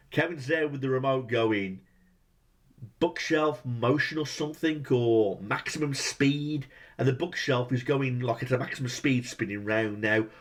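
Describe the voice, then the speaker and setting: A man's voice: mid-range voice, slightly rough. A man ranting through a movie review, exasperated and swearing heavily, firing off rhetorical questions.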